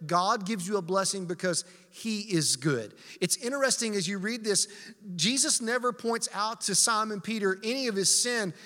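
A man preaching a sermon in a high, bright voice, pressing his points with repetition and rhetorical questions. His words carry a long hall reverb. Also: normal speed. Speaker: pastor.

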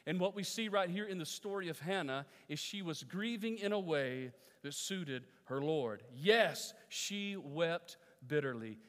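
Male pastor preaching a sermon, lingering echo of a big hall, keeps asking the congregation questions. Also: medium pitch. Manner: preacherly, repeats phrases, asks the listeners questions. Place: church sanctuary. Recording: long reverb of a church hall.

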